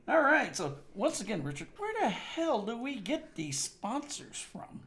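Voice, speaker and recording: A man's voice: very high-pitched, big pitch swings, measured pace, fairly bright tone. A man hosting a comedic radio show, joking and laughing often as he talks.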